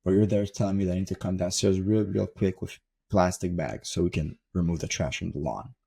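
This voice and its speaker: Gravelly, husky young man, profane and blunt. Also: low voice, fairly quick, dark tone. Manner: profane, emphatic, repeats for stress. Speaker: self-improvement coach. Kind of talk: blunt motivational monologue. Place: desk in his room at home.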